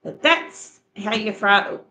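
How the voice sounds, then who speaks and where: A woman's voice: medium pitch, expressive, a little slow, pushed and bright, slight background noise, low-quality recording. A middle-aged woman chatting casually with her viewers and walking them through a recipe in a homespun, repetitive way. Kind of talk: casual chat, recipe instructions.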